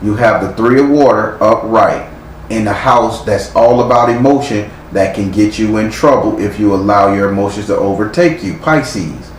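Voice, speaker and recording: A man's voice: lowish voice, normal speed. A man giving a live tarot reading, speaking bluntly and sternly with frequent profanity. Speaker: tarot reader. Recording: echoey room with faint noise.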